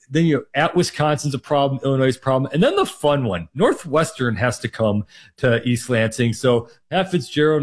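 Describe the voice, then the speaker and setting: Minnesota guy on sports radio, rambly, tons of fillers, just running through football picks. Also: medium pitch. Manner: rambling, heavy on fillers like "you know" and "like". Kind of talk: sports betting talk on air.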